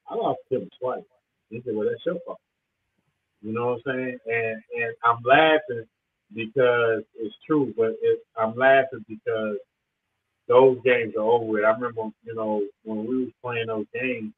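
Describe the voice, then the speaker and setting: A man, a former player, telling rambling stories from the past in an easygoing, casual way. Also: medium pitch. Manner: laid-back, rambling reminiscence. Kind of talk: casual storytelling. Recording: tinny phone line with faint noise.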